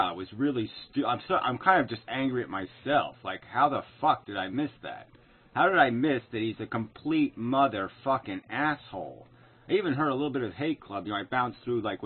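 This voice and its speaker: A man's voice: mid-range voice, expressive, a little fast, husky. A man recording an angry, profane, sarcastic response video, picking apart another man's claims. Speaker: video commentator. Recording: tinny phone-like sound.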